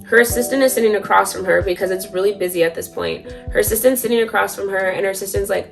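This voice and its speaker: A woman's voice: mid-range voice, fast talker, gravelly, hardly any pauses, soft background music. A woman vlogger telling a story in a casual, chatty way, full of fillers and freely swearing.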